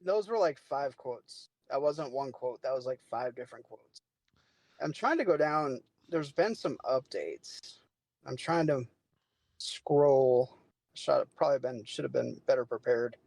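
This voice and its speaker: A man chatting casually as a guest on a podcast, a relaxed storyteller who laughs while explaining. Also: medium pitch, a little slow, vocal fry, dry recording.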